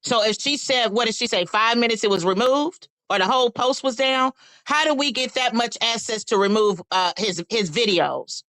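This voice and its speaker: Indignant woman guest, fairly high voice. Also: moderate pace, fairly bright tone, no room sound, rough recording. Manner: indignant, questioning, stumbles over words. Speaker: panel guest, channel moderator. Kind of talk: livestream panel discussion.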